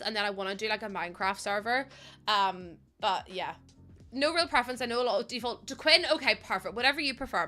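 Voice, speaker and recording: A woman's voice: on the high side, bright, forceful tone. An Irish woman streaming a game and chatting casually, rambling, giggling often and swearing offhand. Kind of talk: casual live-stream chat while playing.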